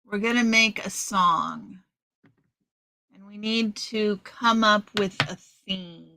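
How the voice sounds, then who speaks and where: Slow-talking bright middle-aged woman host. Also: medium pitch, creaky, no echo. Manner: chatty, slow, rambling with restarts. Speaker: live stream host. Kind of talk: casual live stream chat, reading out viewer comments.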